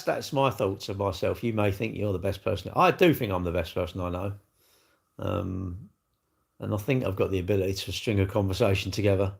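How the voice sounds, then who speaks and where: An older man hosts a casual livestream from an indoor seated spot, answering viewers' comments in a blunt, jokey way. His voice is on the low side, husky and marked by vocal fry.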